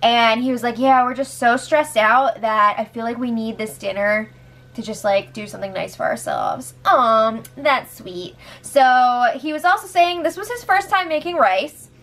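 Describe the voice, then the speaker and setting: Giggly, animated young woman recapping. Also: on the high side, normal speed. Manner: animated, giggly, sarcastic asides. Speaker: show update host. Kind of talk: casual recap chat.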